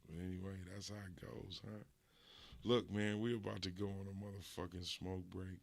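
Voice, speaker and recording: A man's voice: deep voice, level tone, moderate pace, vocal fry. A middle-aged man hosting a show, telling stories in a laid-back, profane way. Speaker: host. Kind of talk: casual storytelling.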